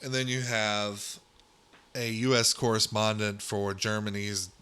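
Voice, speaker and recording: Low-voiced sarcastic man ranting. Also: fairly even intonation, unhurried, pushed and bright, slight background noise. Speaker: podcast host. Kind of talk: solo political commentary podcast.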